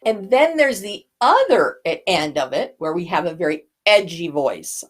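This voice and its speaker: A woman voice coach teaching, expressive as she demonstrates airy and edgy tones with her own voice. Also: lowish voice, moderate pace, few pauses, slightly rough. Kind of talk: instructional talk.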